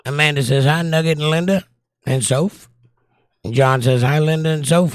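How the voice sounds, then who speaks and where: A hoarse, squeaky-voiced man hosting a casual livestream and reading chat messages aloud in a wry, blunt way. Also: moderate pace, long pauses, no room sound, clean studio sound. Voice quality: squeaky, croaky. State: hoarse, losing his voice.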